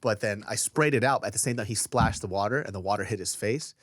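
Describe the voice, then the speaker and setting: A man co-hosting a podcast, chatting casually and telling animated, profane stories. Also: lowish voice, fast, dry recording, studio quality. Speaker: podcast co-host. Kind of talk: casual chat.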